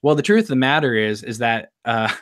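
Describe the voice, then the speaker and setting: A man co-hosting a live streamed chat show, his voice sitting at an ordinary middle pitch. He talks casually and loosely, laughing a lot and restarting his sentences as he goes. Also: very animated, brisk, a bit bright, slight background noise. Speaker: podcast co-host.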